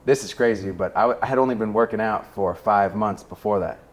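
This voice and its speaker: Fast-talking profane storytelling man. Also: on the low side. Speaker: coach and podcast guest. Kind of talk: casual chat.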